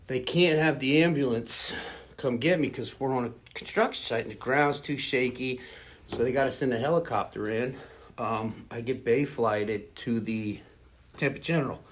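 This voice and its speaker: A man's voice: mid-range voice, normal speed. A man in his forties speaking at a recovery fellowship meeting. He tells his story candidly and casually, rambling with lots of "you know" and "like". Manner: candid and self-deprecating about his past. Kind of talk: personal recovery testimony.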